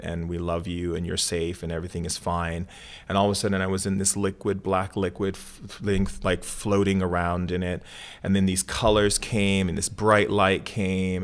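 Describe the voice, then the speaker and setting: Middle-aged man, low and even voice, earnest storyteller, lots of ums and restarts. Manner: earnest, vivid retelling with many fillers and restarts. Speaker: shaman and author, guest. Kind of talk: personal storytelling in an interview.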